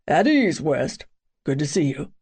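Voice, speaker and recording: A woman's voice: deep voice, big pitch swings, unhurried, darkish tone, breathy edge, pitched below the performer's own voice, full character voice. A woman voicing a courteous, formal older male commanding officer in an audiobook. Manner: formal and polite.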